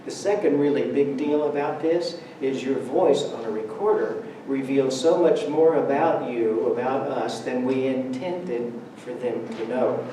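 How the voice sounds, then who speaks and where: Man giving a roomy, mellow church talk. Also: medium pitch, measured pace, hardly any pauses, slight background noise. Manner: conversational, humorous storytelling with laughs. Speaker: speaker giving a Sunday talk. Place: church sanctuary. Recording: roomy church hall, speaker far from mic.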